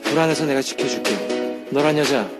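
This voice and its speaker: A man acting a protective young man in a radio skit, speaking in rapid, intense declarations. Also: medium pitch, natural voice. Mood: devoted. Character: protective young man, angry over her heartbreak. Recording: loud music bed behind voice.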